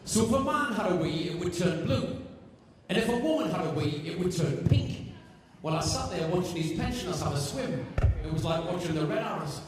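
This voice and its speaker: A Geordie man doing stand-up, his voice sitting a little high as he banters with the crowd between punchlines. He is captured from a distance in a big, echoing hall. Clear audience noise fills the room around him. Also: lively intonation. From Newcastle, England. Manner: quick one-liners, chatty banter with the audience. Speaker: stand-up comedian. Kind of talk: stand-up comedy set. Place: live venue with audience. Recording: echoey hall, mic far, audience noise.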